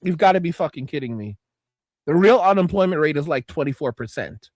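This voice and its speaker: A man hosting a casual livestream, reading chat comments and reacting, cursing and repeating himself, with frequent throat clearing. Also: on the high side, expressive, brisk, a little mellow, no echo, studio quality.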